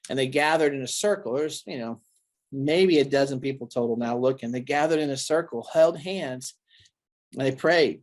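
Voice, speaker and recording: A male pastor telling stories in an interview, earnest and animated, often restarting his sentences. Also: medium pitch, moderate pace. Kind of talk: recalled storytelling interview.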